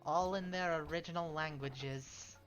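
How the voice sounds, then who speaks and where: A man's voice: on the high side, fairly even intonation, measured pace, a bit bright. Rambling man streaming a strategy game. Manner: rambling, self-correcting, chuckling asides. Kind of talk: casual gaming stream chat. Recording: slightly dull stream audio, faint game music.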